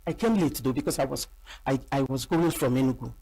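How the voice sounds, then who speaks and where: A middle-aged Nigerian woman, an actress, chatting in an interview and telling animated stories with acted-out quotes. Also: very deep voice, fairly quick, husky. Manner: animated storyteller acting out quoted voices. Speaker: actress and guest. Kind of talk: casual interview chat.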